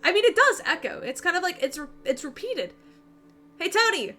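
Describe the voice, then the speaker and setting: A woman running a tabletop game over a voice call, her voice high and bright. She narrates scenes in a loose, descriptive way with fillers and restarts along the way. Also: very animated, fast. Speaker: game master. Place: home, online voice call.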